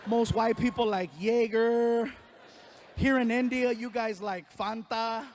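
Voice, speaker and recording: A man's voice: high-pitched, slight background noise. A Mexican-American man doing stand-up, telling a story and acting out the people in it. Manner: animated, acts out the people in his stories. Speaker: stand-up comedian.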